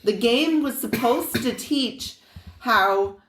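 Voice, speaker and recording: A woman's voice: fairly high pitch, lively intonation, takes it slowly, a bit bright, reverberant. A woman co-hosting a podcast, chatting casually and telling stories with lots of "like" and quoted dialogue, swearing now and then. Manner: chatty storyteller, acts out quoted people, swearing. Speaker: podcast co-host. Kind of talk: casual chat. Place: studio.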